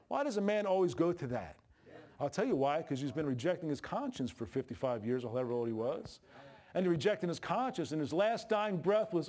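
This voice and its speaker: A man preaching a sermon in a folksy, emphatic way, with sudden jumps in pitch and bursts of laughter. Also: lively intonation, brisk, darkish tone.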